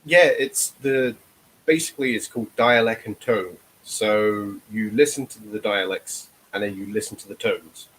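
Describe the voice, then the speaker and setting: Low-voiced man explaining at length. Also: slight background noise, rough recording. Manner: explanatory, rambling with restarts. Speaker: actor guest. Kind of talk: casual livestream chat.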